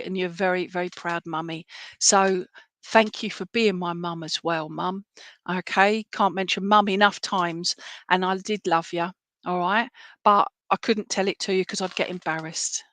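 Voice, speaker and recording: A woman's voice: mid-range voice, a bit bright, no room sound. A woman medium giving clairvoyant readings in an online service, chatty and affectionate, often checking in with "all right?". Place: home, by herself.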